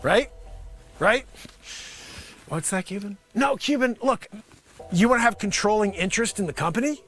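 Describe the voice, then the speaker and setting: A man doing an improvised comedy monologue, rambling and animated, sometimes shouting. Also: high-pitched, moderate pace. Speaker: comedian host. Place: home studio with green screen.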